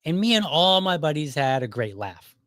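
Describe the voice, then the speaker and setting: A man's voice: on the high side, big pitch swings, moderate pace, fairly bright tone, dry recording. Middle-aged man chuckling through a story. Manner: chuckles often while recounting, loose and conversational. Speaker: podcast host. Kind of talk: casual storytelling monologue.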